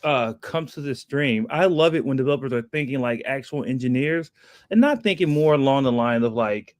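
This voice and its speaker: A man's voice: mid-range voice, fairly quick, no echo, clean studio sound. A man co-hosting a casual developer live stream. He talks upbeat and greets viewers by name.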